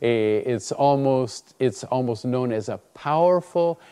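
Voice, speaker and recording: Male preacher with a warm, mellow voice who tells stories in a sermon and acts out the dialogue. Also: medium pitch, a little slow, smooth. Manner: animated storytelling, acts out dialogue. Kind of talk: sermon with personal story.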